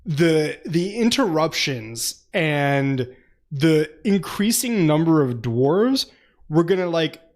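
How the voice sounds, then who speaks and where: A man's voice: on the high side, sing-song, takes it slowly. A man co-hosting a casual book club podcast, laughing often, swearing freely, and acting out quotes from the book. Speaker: podcast co-host.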